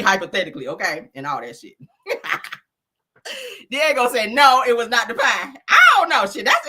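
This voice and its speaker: Lively, bright-voiced sassy gossip host. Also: female voice, lowish voice, breathy edge. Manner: sassy and profane, laughs often, mimics people. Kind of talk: casual gossip commentary.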